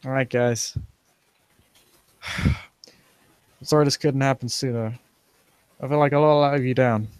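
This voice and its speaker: A man's voice: medium pitch, fairly even intonation, unhurried, long pauses, smooth, no echo, lightly acted. A man voicing a guarded male leader who talks bluntly and warily in a tabletop game. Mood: weary. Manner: blunt, wary, curt. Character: guarded male leader of displaced folk, stern.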